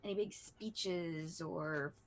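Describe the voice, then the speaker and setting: A woman playing a polite, friendly young adventurer who asks questions in a halting, curious way in a tabletop role-play. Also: lowish voice.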